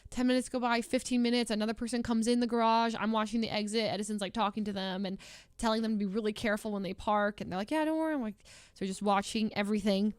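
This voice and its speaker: A woman's voice: mid-range voice, flat delivery, fast, smooth, dry recording. A young adult woman streamer telling a story in a casual, rambling way, full of filler words and laughing asides.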